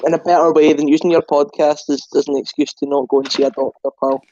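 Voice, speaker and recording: A man's voice: fairly high pitch, flat delivery, fast, mellow, dry recording, muffled recording. Young man, podcast host, casual banter, ribbing, dry room. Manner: laughing, ribbing, hesitant fillers.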